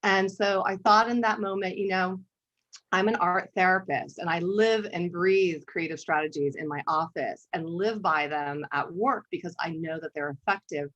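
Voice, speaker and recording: A woman art therapist presents a workshop over a video call, shifting easily between teaching and telling a personal story. Her voice sits a little low, and she often clears her throat between phrases. The audio is dull and lo-fi, like a live-streamed webinar. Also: normal speed, a bit bright. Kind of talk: conversational webinar talk with storytelling.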